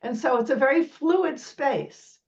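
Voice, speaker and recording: A woman's voice: high voice, expressive, unhurried, distant mic, muffled recording. A woman sociolinguist explaining speech sounds in an interview, imitating vowels and laughing lightly as she talks. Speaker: sociolinguist guest.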